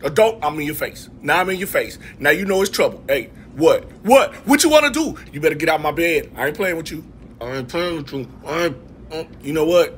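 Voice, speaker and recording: A man's voice: on the high side, animated, a little fast, a little hiss or hum, pitched below the performer's own voice, close to an everyday voice. Man voicing a grumpy, blustering bed-guarding dog. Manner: threatening, blustering, muttering.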